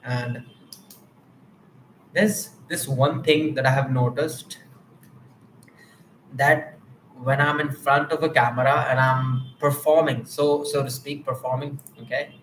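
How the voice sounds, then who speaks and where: A man's voice: mid-range voice, fairly even intonation, takes it slowly, pauses often, a bit bright, echoey room, slight background noise, low-quality recording. A man with an Indian accent thinking aloud on an unscripted live stream, rambling and reflecting on himself. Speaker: livestreamer. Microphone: mic with camera.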